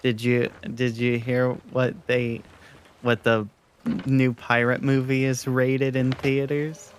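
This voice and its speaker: A man's voice: mid-range voice, flat delivery, takes it slowly, a little hiss or hum. A man gaming with friends, rambling and giggly, mocking himself. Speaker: co-player. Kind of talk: casual gaming chat.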